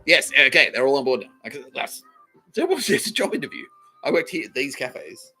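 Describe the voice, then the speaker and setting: A man's voice: mid-range voice, huge pitch swings, moderate pace, pushed and bright, faint music behind. A young Australian man hosting a podcast, telling a profane comic story and acting out the people in it with frequent laughs. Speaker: podcast host. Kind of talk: comedic storytelling monologue.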